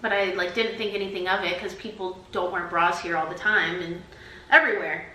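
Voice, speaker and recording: A woman's voice: fairly low pitch, steady tone, fairly quick, pushed and bright, roomy sound, a little hiss or hum, rough recording. A woman in her twenties vlogging to her camera, telling stories in a chatty way full of "like". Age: 20s. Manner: chatty, peppered with "like". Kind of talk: casual storytelling to camera. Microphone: camera mic.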